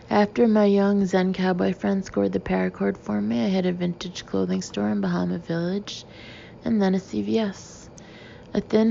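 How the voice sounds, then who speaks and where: Gravelly-voiced woman narrating an audiobook. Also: mid-range voice, mellow. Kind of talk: first-person audiobook narration. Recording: slightly dull with faint hiss.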